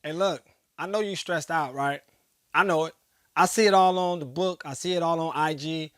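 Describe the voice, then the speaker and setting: A man with a high voice gives an impassioned monologue to his viewers. He hammers his points home with repeated phrases, almost like a preacher. The sound is dry and close, with no room echo. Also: moderate pace. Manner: preacher-like, emphatic repetition. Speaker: host.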